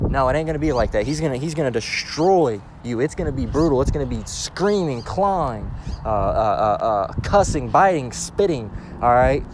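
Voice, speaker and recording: Male preacher-teacher, mid-pitched, punchy and profane, keeps asking "all right?", over clear street and traffic noise. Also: expressive, a little fast. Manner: emphatic, repeats "all right?", blunt and profane. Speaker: religious teacher. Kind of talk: informal scripture lesson.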